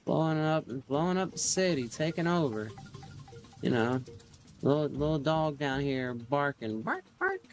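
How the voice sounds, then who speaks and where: A man's voice: on the high side, normal speed, soft background music. Rambling male streamer telling doodle stories. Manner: rambling, filler-heavy, with sound effects and silly voices. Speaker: livestream host drawing on stream. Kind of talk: casual storytelling while drawing.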